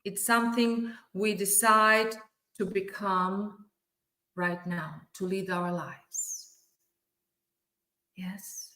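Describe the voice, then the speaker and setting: A woman's voice: mid-range voice, steady tone, drawn-out words, pauses often, pushed and bright. A woman giving a motivational keynote over a video call, repeating her phrases and affirming them with frequent "yes". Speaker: keynote speaker at a virtual summit. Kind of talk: motivational speech. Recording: roomy echo.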